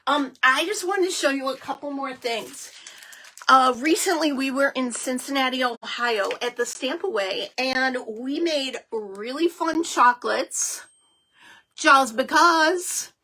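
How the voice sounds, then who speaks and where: A chatty, excitable middle-aged woman hosting a live card-making stream, with lots of fillers. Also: sits high, unhurried. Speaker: host of a live crafting show.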